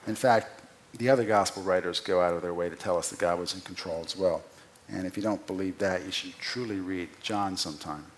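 A man preaching an expository sermon, who asks the listeners rhetorical questions and swings from loud emphatic peaks to quiet, low drops. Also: steady tone, brisk, slight background noise. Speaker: pastor.

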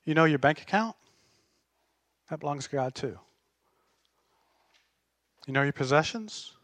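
A male pastor delivers an emphatic, passionate sermon. His voice is slightly higher than most men's and bright, and he takes his time over each phrase. The sound is close and dry. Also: animated, unhurried, no room sound.

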